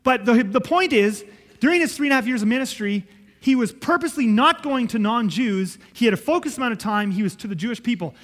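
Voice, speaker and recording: A man's voice: very high voice, animated, fast, a bit bright, big-room sound. A man preaching a sermon, emphatic and conversational, often checking in with his listeners. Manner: emphatic, repeats and checks in with "okay?".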